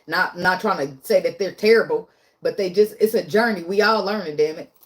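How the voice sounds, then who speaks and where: This tarot reader talks fairly quickly in a voice on the low side. She's making a casual vlog, giving her reading bluntly with plenty of swearing, frequent laughter, and moments of emotion.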